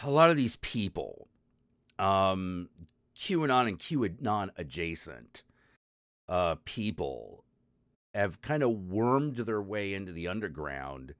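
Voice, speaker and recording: A man's voice: deep voice, big pitch swings, slow, a bit bright, no echo, clean studio sound. A man hosting his own stream, ranting casually and profanely to his chat, rambling and exasperated with lots of restarts. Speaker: stream host.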